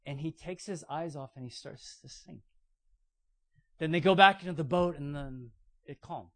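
A man preaching a sermon, retelling stories with playful acted-out voices. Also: fairly high pitch. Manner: storytelling with playful acted-out quotes. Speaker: pastor.

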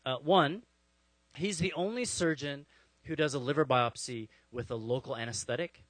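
A man's voice: medium pitch, normal speed, fairly bright tone, dry recording, poor audio. A man preaching a sermon, telling stories and acting out the voices of the people in them. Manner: storytelling, acts out voices of people in the story. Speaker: pastor.

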